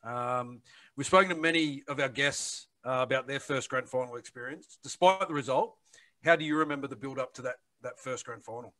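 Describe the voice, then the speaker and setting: A man's voice: mid-range voice, a little fast, sharp tone, dry recording. A podcast co-host asking a guest about his career, with many hesitant fillers. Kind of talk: interview questions.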